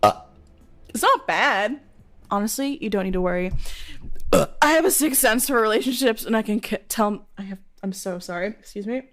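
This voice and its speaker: A woman's voice: medium pitch, expressive, normal speed, fairly bright tone. A woman streamer in casual livestream chat who burps between lines, giggles a lot and swears casually.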